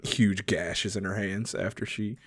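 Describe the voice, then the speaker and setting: A man's voice: lowish voice, fairly even intonation, unhurried, fairly bright tone, husky, no echo, studio quality. A man co-hosting a podcast, tossing in short, slangy reactions with some swearing. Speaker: podcast co-host. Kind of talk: casual podcast chat.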